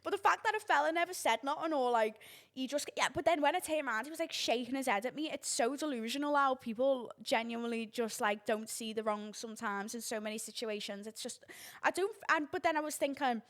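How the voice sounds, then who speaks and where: A young woman, hosting a podcast and telling a story in casual chat, animated and sweary, acting out the voices she quotes. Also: a little high, a little fast. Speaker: podcast host.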